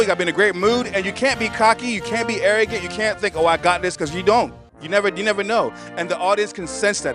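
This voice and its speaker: A male comedian chatting casually in an interview, relaxed and self-deprecating. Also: fairly high pitch.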